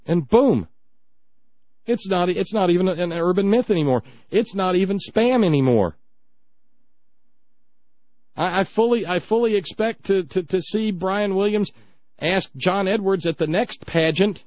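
A male radio host rants with sarcasm, his pitch swinging widely and sitting a bit high for a man. The studio sound is dry and a little muffled. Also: expressive, a little slow, pauses often, no room sound. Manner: indignant, sarcastic ranting. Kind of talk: talk radio monologue.

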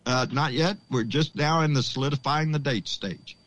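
A man hosting a casual call-in show, excitable and folksy, swearing freely and calling people "baby". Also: mid-range voice, normal speed, dry recording, low-quality recording. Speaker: podcast host.

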